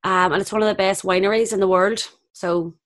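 A woman's voice: mid-range voice, steady tone, brisk, fairly bright tone. A woman with a Northern Irish accent, a guest sharing candid anecdotes in a casual chat. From Northern Ireland. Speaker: actress guest.

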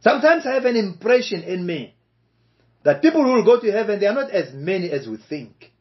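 A man preaching a sermon, slow and emphatic, repeating key phrases for weight. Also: high-pitched, very animated. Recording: dull lo-fi recording.

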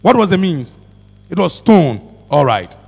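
A man's voice: a little high, very animated, a little slow, vocal fry, a little mellow, breathy edge, big-room sound. A male pastor preaching a sermon to a congregation, calling for responses and repeating hallelujah. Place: church.

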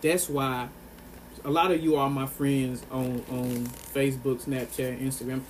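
A man's voice: mid-range voice, level tone, unhurried, a little hiss or hum. A man delivering an earnest, impassioned monologue to his viewers, pressing his points and repeating phrases for emphasis. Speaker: vlogger.

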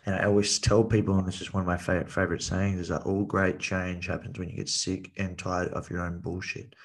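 A man's voice: sits low, level tone, a little fast, few pauses. A man, a podcast guest telling his story in casual chat, blunt and swearing freely, full of "like" and "you know.". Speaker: podcast guest, men's coach.

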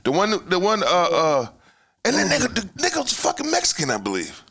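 A man's voice: high voice, huge pitch swings, fairly quick, breathy edge. Impassioned ranting podcast host man. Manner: impassioned, ranting, swears freely, swings from loud to muttering. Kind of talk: heated casual podcast talk.

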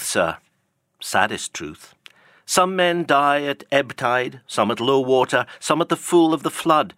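Male reader doing an old, obsessed sea captain: declaiming, archaic, slow and weighty. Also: mid-range voice, fairly bright tone, no room sound, clean studio sound. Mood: solemn. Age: older. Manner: declaiming, solemn archaic speech. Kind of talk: audiobook character reading.

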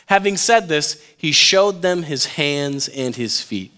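A man with a slightly high voice preaches slowly but with hardly any pauses, delivering a conversational youth-pastor sermon. Animated and playful, he jokes with the room, dramatizes quotes, and speaks to everyone as "you guys."

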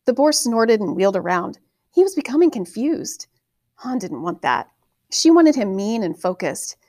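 A woman's voice: fairly high pitch, no echo. Woman reading a fantasy novel, dry sound. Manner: steady, measured storytelling. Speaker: audiobook narrator. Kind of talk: scripted fantasy novel narration.

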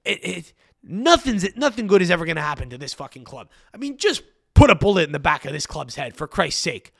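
Give me a young man ranting on a solo podcast, slightly high and gravelly. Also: sing-song, brisk, fairly bright tone, no echo, studio quality. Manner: profane, exasperated ranting. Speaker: podcast host.

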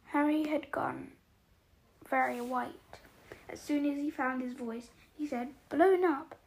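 A woman podcast host reading a novel aloud, unhurried, with small restarts. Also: high voice, steady tone.

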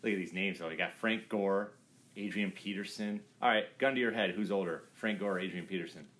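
Deep-voiced male host, loose jokey sports banter. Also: brisk, a bit bright. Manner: quizzes the other speaker, jokey, rambling. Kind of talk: casual sports chat.

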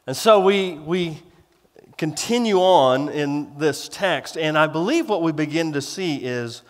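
A man's voice: a little high, expressive, unhurried, long reverb tail. A male pastor preaching a sermon in a folksy, rambling way, with restarts and self-deprecating humor.

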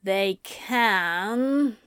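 A woman's voice: medium pitch, drawn-out words, fairly bright tone, clean tone, no room sound, studio quality. A woman reading as a grumpy, drawling male demon. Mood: dry. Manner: drawling, cool, sweary. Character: grumpy, blunt male demon, sarcastic and dry.

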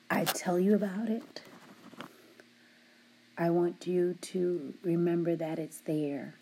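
Middle-aged woman supervisor with a slow, gravelly delivery who teases her staff and laughs often. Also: fairly low pitch, steady tone, a little mellow. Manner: laughs often, teasing yet heartfelt. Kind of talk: affectionate shout-outs to her team.

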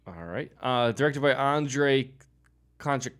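A man's voice: medium pitch, moderate pace. A man co-hosting a podcast in casual chat, reading out film details and stumbling over names.

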